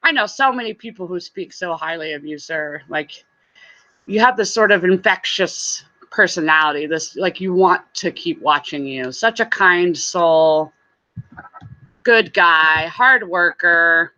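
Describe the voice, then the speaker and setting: A woman's voice: on the low side, measured pace, pushed and bright. A woman hosting a casual live stream, greeting viewers by name and chatting with frequent laughs, on slightly dull lo-fi audio. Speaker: live-stream host and reseller.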